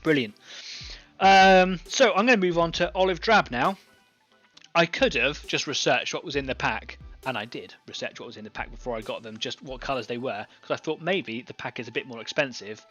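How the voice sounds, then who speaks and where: A man's voice: medium pitch, a little fast, fairly bright tone, faint music behind. Chatty man demoing airbrush painting. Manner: chatty, thinking aloud with fillers. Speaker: online painting club host. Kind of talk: casual live-stream painting demo.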